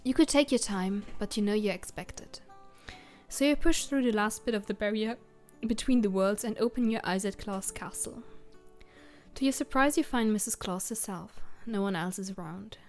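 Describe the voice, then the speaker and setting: A woman's voice: mid-range voice, normal speed, darkish tone, soft background music. Woman reading a game aloud. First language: German. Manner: reads narration steadily, adds German asides. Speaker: let's player.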